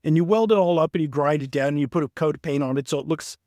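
A man's voice: fairly high pitch, fast, no room sound, clean studio sound. A middle-aged man with a Southern US accent, telling stories in a casual interview as an author and raising his voice to act out friends he quotes. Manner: animated storyteller, acts out quoted friends in a raised voice.

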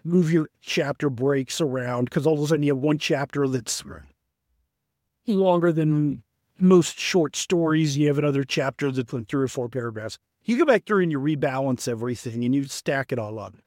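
A middle-aged author with a Southern US accent tells stories at length in a relaxed interview, jumping up in pitch whenever he acts out what a friend said. His man's voice sits a little high. The recording is close and dry, with no room sound. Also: moderate pace, no room sound. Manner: animated storyteller, acts out quoted friends in a raised voice. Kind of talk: casual storytelling in an interview.

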